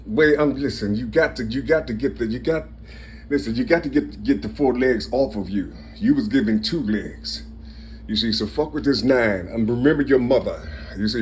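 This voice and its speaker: A man's voice: medium pitch, darkish tone, slight background noise. A man from Ohio talking in a digressive, repetitive monologue about his family names, often laughing. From Cincinnati, Ohio. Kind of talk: rambling personal monologue.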